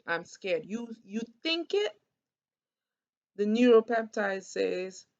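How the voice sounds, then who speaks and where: A woman's voice: mid-range voice, creaky, muffled recording. A woman giving a casual wellness talk to camera, explaining step by step and often checking in with "right?". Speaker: wellness vlogger.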